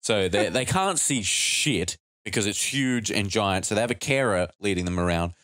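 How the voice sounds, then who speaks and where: Young man, low voice, crude jokes, casual podcast chat, dry close sound. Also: lively intonation, moderate pace, fairly bright tone, no echo. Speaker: podcast co-host.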